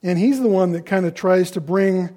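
A man preaching a sermon in a conversational way, acting out the people he quotes in louder voices. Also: high-pitched, moderate pace. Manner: conversational, acts out quoted voices with rising loudness.

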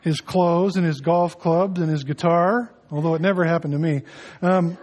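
A pastor with a fairly high, slightly mellow voice preaches at normal speed in a conversational manner. As he goes, he acts out little scenes as asides.

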